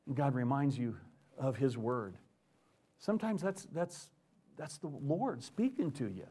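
A man preaching a conversational sermon, reading scripture aloud and dropping to hushed asides. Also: medium pitch, lively intonation, measured pace, husky. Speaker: pastor.

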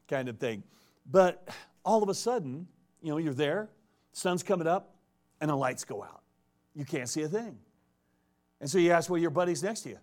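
A man preaching a conversational expository sermon, animated and joking as he reads and retells the text. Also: on the high side, normal speed, pauses often.

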